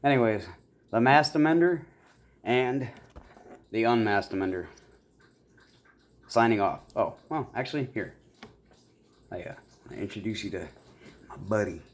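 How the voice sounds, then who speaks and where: A man's voice: lowish voice, animated, unhurried, pauses often. A man from the Midwest of the US talking in a rambling, casual vlog monologue, full of fillers and self-deprecating asides. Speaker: YouTuber.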